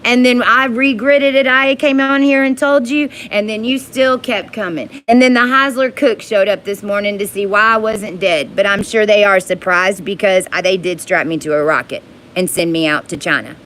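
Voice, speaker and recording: A woman in an angry, profane monologue to her viewers, rising into yelling. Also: mid-range voice, steady tone, normal speed, slight background noise.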